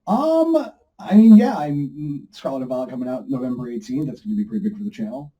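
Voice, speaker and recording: A man guesting on a movie podcast, teasing and animated, plugging his channel. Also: medium pitch, fairly quick. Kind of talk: casual podcast banter. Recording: off-mic, a little distant.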